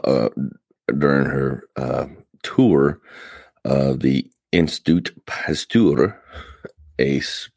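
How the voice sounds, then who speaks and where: A man's voice: rumbling low, creaky, no echo, studio quality. A tired man hosting a casual podcast, rambling and interrupting himself with wry asides. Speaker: podcast host. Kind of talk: casual chat. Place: Atlanta area.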